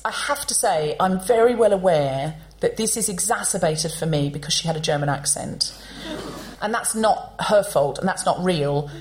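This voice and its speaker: A woman hosting a comedy podcast on stage, telling a story to a live audience in an animated, chatty way and acting out the people in it. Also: mid-range voice.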